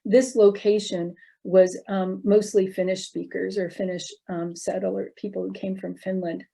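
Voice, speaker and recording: Mellow-voiced woman lecturing. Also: medium pitch, flat delivery, a little slow, gravelly, husky. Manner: explanatory, with frequent um and uh fillers. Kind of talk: slide presentation lecture. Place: recorded online talk.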